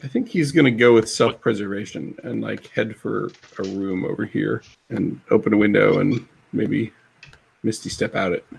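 A man narrates and referees a tabletop game, his voice gravelly with a dry, joking edge. He moves between rules talk and scene-setting at an easy pace. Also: lowish voice, steady tone, normal speed. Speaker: game master.

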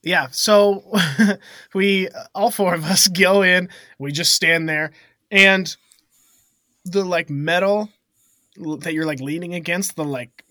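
A man's voice: sits high, takes it slowly, dry recording, clean studio sound. A man co-hosting a casual podcast, telling a funny story with lots of laughter. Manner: animated, laughing often, acts out voices in stories. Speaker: podcast co-host.

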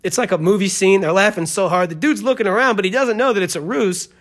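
A man's voice: high-pitched, fast talker, a bit bright. A man hosting a podcast, telling a story in a rambling, joking way full of tangents. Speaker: podcast host. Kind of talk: casual storytelling.

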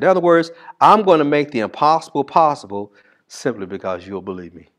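A male pastor preaching a sermon in a casual, call-and-response style, reading scripture slowly and swinging from loud bursts to hushed asides. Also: a little high, lively intonation.

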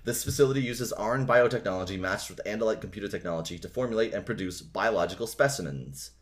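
Matter-of-fact ship computer, as a man reads it out in his own low voice for a podcast book reading. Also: fast, lightly acted. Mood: informative. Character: flat-toned ship computer answering questions.

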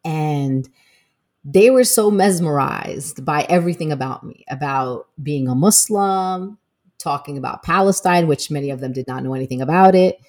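Lively low-voiced woman with a Brooklyn accent. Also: normal speed. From Brooklyn, New York. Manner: animated storyteller, repeats "listen". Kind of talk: casual chat. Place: room with brick wall behind.

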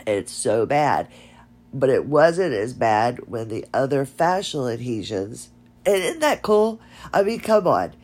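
A woman's voice: extremely low pitch, big pitch swings, unhurried, a little mellow. A woman hosting her own podcast, talking casually with a nasal voice and a chatty, rambling, self-laughing manner. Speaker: podcast host. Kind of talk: casual solo podcast talk.

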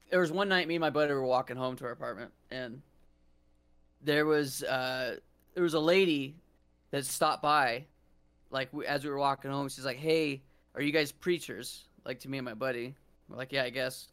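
Laid-back young man with a gravelly voice. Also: medium pitch, fairly bright tone. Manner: laid-back, says "dude" often, rambling restarts. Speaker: podcast host. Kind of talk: casual storytelling chat.

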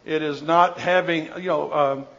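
An older man with a voice a bit high for a man takes audience questions in an informal Q&A, telling animated, jokey anecdotes that ramble and restart often. He speaks at a measured pace with vocal fry. The recording is dull and lo-fi.

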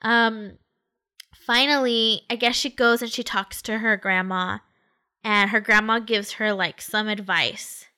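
Bright-voiced woman retelling a story. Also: medium pitch, a little slow, smooth. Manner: animated retelling with quoted voices and many fillers. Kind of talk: casual chat retelling a story.

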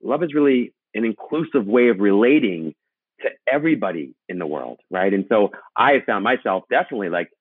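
Male host, reflective and affirming, husky and low, tinny phone sound. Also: expressive, fairly quick, dry recording. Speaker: podcast host. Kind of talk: casual interview chat. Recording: tinny phone line, dry.

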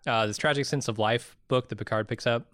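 A man from the United States co-hosting a podcast, walking through ideas in a relaxed, thoughtful way. His voice sits at an everyday middle pitch, recorded close and dry. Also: a little fast, clean tone, no echo. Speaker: podcast co-host. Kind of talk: casual podcast chat.

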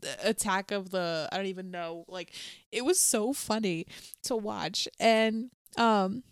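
A woman's voice: mid-range voice, measured pace, clear, resonant tone, no echo, studio quality. A young adult woman co-hosting a podcast, chatting casually and playfully. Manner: chatty, playful, breaks into humming and singing. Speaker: podcast co-host. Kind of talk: casual chat.

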